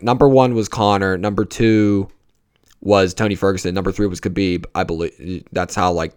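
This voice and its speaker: A young man hosting a casual solo podcast, rambling and swearing freely, with many restarts. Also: lowish voice. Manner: rambling, profane, restarts a lot. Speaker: podcast host.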